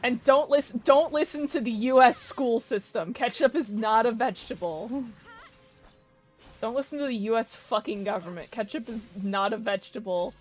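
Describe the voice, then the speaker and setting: A woman's voice: a little high, normal speed, faint music behind. A young woman giving casual, rambling commentary while streaming a game, swearing and laughing often.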